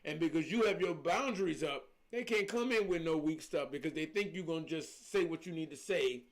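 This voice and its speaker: A middle-aged man, speaking in a fairly high voice. He talks casually on a livestream as a spiritual coach, and he preaches with emphasis and repeats his points. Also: brisk. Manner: emphatic, preachy storytelling with repetitions.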